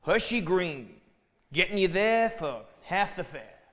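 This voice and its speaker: A man's voice: high voice, very animated, takes it slowly, fairly bright tone, exaggerated voice. An actor playing a chatty, brash cab driver who teases his passenger, in a stage play reading. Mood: teasing. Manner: brash, teasing. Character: wisecracking male New York cab driver, nosy and chatty. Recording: reverberant theatre recording.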